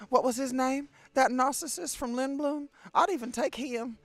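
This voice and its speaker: A man voicing a young Southern belle actress who runs a small theater, in a high, theatrical falsetto with a Southern accent. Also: moderate pace, dry recording. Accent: American Southern.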